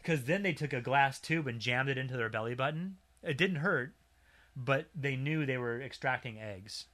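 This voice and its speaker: Man, co-host, bright tone, relaxed and dryly amused while telling a tale. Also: medium pitch, normal speed. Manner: relaxed, recounts a strange story with dry humor. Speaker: podcast co-host. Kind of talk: casual storytelling chat.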